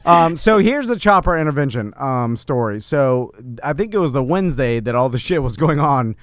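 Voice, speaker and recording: A man's voice: medium pitch, very animated, moderate pace, no echo. A man co-hosting a casual radio-style talk show, telling stories with lots of fillers and chuckles. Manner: rambling storyteller with many fillers and laughs. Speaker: co-host.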